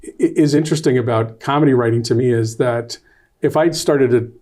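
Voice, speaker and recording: A man being interviewed as a guest author and playwright. He is a lively storyteller who rambles, backs up and restarts. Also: medium pitch, brisk. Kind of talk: casual interview.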